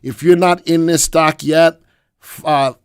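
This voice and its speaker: A hoarse man hosting a live stock-market show, talking upbeat to viewers while he clicks through charts. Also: fairly high pitch, steady tone, unhurried, no room sound, studio quality. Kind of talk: live webinar commentary.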